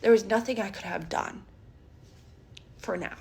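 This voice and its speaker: A woman telling a personal story in a storytime vlog, dramatic, speeding up and slowing down, dropping almost to a whisper. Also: medium pitch, gravelly, darkish tone, slightly rough. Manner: dramatic, swings between fast and slow, drops to near-whispers.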